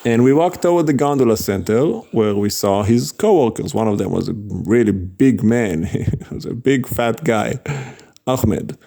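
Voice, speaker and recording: A man's voice: lowish voice, normal speed, gravelly, dark tone. A man casually telling a story about street preaching, chatty, with frequent laughs and fillers.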